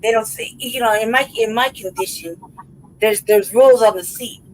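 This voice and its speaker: This podcast host has a fairly high but darkish-toned voice at normal speed, heard in poor audio with slight background noise. In casual chat she laughs through a rambling, profane story, frequently asking "right?" and "you know what I mean?"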